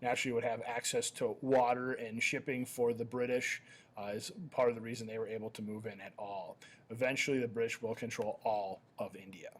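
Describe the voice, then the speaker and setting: Guy teaching history over slides, mid pitch, lots of uhs and ums, fixes his own slips. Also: level tone, a little fast, slightly rough. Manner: conversational, many "uh" and "um" fillers, self-correcting. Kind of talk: recorded slideshow lecture.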